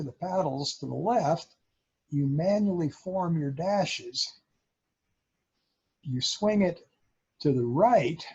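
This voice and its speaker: A man presents to a radio club in an unhurried show-and-tell talk, now and then mouthing out code sounds. His voice is raspy and gravelly and sits a little high. The recording is dull and lo-fi. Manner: explaining, imitating Morse sounds.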